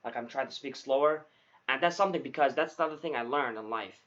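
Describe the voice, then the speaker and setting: A young man co-hosts a podcast as a new salesman, chatting casually and telling animated stories at a quick pace in a medium-pitched voice. He swears freely and says "dude" a lot, and the audio is dull and lo-fi.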